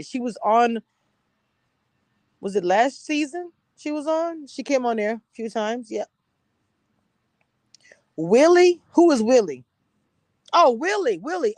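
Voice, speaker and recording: A woman's voice: fairly high pitch, a little mellow, dry recording, poor audio. Woman, casual livestream chat, playful and sassy, phone mic, dry sound. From Louisiana. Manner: sassy, playful, teasing, quick to laugh. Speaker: reality TV reviewer, livestream host. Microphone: phone with headphones.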